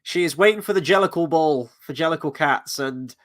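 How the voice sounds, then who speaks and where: A man's voice: a little high, brisk. Joking, foul-mouthed man reviewing a film. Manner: candid, crude, joking. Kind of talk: casual chat.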